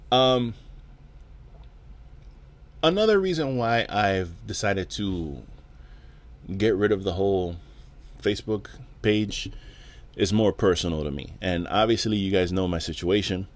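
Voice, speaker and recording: A man's voice: lowish voice, measured pace, long pauses. A man hosting his own podcast, ranting alone in a profane, exasperated way and often repeating words. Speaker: podcast host. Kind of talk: casual solo rant.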